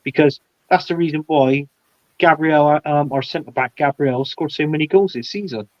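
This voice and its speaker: A man's voice: a little high, normal speed, no echo, muffled recording. A man guesting on a casual football chat show, giving blunt, heated opinions with lots of stumbling restarts. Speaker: podcast guest.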